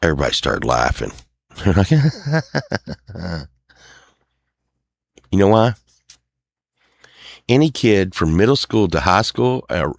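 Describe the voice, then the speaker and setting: On his own show, a middle-aged Texan man vents in a casual, rambling monologue, his voice deep and low, and now and then he softly sings a few lines. He keeps acting out what other people have said to him, and the recording is dry and close with no room echo.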